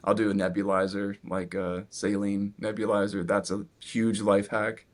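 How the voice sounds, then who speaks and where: A man in his twenties, a guest guitarist in a casual interview, talking in a relaxed, rambling way with lots of "like". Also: fairly low pitch, moderate pace. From Virginia, US. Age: 20s. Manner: relaxed, rambling with many "like" fillers.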